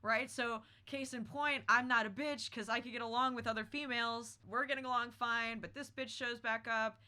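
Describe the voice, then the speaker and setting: A woman's voice: a little high, steady tone, moderate pace, pushed and bright. A woman hosting a podcast, telling a story in casual chat with a brash, profane, dramatic manner. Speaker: podcast host.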